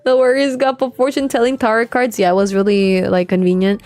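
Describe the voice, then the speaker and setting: Streaming a game, this young woman from the Philippines keeps up relaxed, profanity-laced chatter full of "like." Her fairly high, darkish voice stays fairly even in intonation at a normal speed, and the recording is dry.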